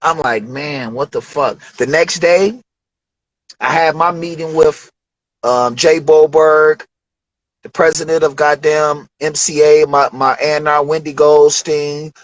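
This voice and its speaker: A man in his forties from Detroit, a rapper telling studio stories in a loose, profane, animated way during an interview. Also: on the high side, a little slow, no echo, highs cut off. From Detroit, USA. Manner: profane, animated storytelling with acted quotes. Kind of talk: casual storytelling interview.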